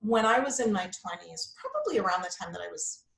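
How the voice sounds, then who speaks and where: A candid, chatty woman in her fifties, talking as a guest yoga instructor in a relaxed interview. She fills her speech with casual asides. The recording has a noticeable roomy echo. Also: mid-range voice, quick pace, vocal fry. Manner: candid, chatty, frequent likes and you-knows.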